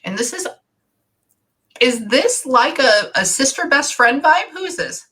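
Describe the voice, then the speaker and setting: Bright-voiced woman giving a rambling reading. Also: sits high, lively intonation, a little slow, breathy edge. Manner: rambling, heavy use of "like". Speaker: psychic medium. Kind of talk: casual spirit reading.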